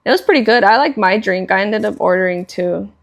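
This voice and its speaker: A young woman from chats on her podcast in a loose, rambling way. Her voice slides into a gravelly fry at the ends of phrases. She leans on "like" constantly and swears without a second thought. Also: mid-range voice, brisk. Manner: rambling, heavy use of "like", swears casually. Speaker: podcast co-host. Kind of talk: casual chat.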